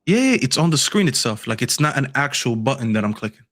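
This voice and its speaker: A man's voice: medium pitch, big pitch swings, fast, fairly bright tone. A young man hosting a casual football panel stream, joking and playful. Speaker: host.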